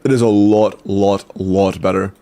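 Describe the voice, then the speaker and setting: A man's voice: sits low, little pitch movement, dark tone. Casual young man streamer chatting. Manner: chatty, greets chat rapidly, swears casually. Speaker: streamer reviewing game accounts. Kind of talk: casual live stream chat.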